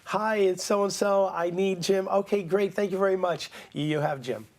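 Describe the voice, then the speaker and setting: A man's voice: sits high, normal speed, slight background noise. A man telling stories as an interview guest, acting out the people he quotes. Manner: animated storyteller acting out quotes. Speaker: guest, writer-director-producer. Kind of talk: casual storytelling interview.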